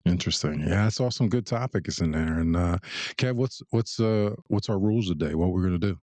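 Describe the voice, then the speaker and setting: A man's voice: sits low, brisk, a little mellow, no echo. A man hosting a podcast in a casual, laid-back way, with loose filler words. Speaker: podcast host. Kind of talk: casual chat.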